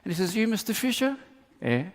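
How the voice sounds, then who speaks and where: Speaking briskly in a high-pitched voice, a pastor delivers a sermon, animatedly telling funny stories and performing the characters' voices. Long reverb from the hall fills the recording.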